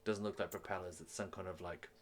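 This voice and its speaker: A man's voice: low-pitched, steady tone, fast, slight background noise. A man narrating a tabletop game as game master, in a rambling, descriptive way with many fillers.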